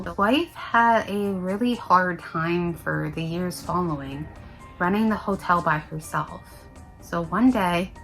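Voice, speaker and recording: A woman hosting a paranormal history vlog, telling the story in a deliberately hushed, low-volume voice and sounding a little out of breath. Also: rough recording. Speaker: paranormal YouTuber host.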